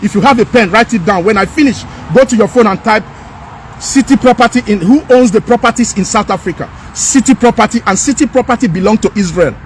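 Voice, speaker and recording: A Nigerian man delivers a fiery, repetitive monologue straight to his viewers, his voice sitting unusually high. He hammers his points over and over with rising anger. Faint street traffic hums in the background of this outdoor recording. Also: quick pace. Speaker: commentator. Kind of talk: impassioned direct-to-camera rant.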